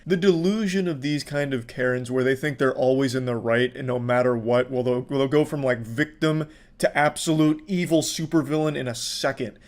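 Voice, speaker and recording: A young man giving sardonic reaction commentary in a deadpan way, swearing a lot. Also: mid-range voice, normal speed, hardly any pauses. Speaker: commentary YouTuber.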